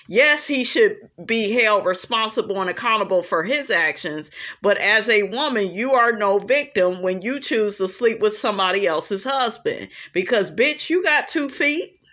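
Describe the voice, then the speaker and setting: A reality TV commentator gives blunt, profane, casual commentary on her channel, frequently asking "okay?" to hammer a point home. Her voice sits in the mid range with a sharp tone, captured on a dull lo-fi recording.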